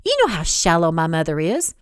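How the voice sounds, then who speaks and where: A woman's voice: very animated, a little fast, clean tone, dry recording, studio quality. A woman voicing a fiery, tearful young heroine. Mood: indignant. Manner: shrill, shouting, indignant.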